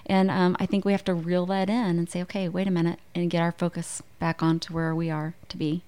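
A woman's voice: on the low side, fairly even intonation, moderate pace, few pauses, a little mellow, clear, resonant tone. A middle-aged woman, a guest author, telling personal stories candidly in a casual faith conversation. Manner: candid, storytelling.

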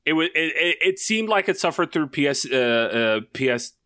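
A man telling a story on a podcast, stumbling over his words and filling pauses with "uh" and "um". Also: fairly high pitch, animated, sharp tone, no room sound, studio quality. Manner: halting, repeats words and fills with uh and um. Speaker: podcast co-host. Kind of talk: casual storytelling chat.

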